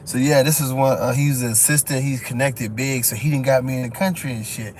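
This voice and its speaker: A man, telling a story in casual live-stream chat, profane and quick to laugh. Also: medium pitch, steady tone, a little mellow, slight background noise. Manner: loose, profane, laughs often, lots of "you know what I'm saying". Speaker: dog show judge and breeder telling stories.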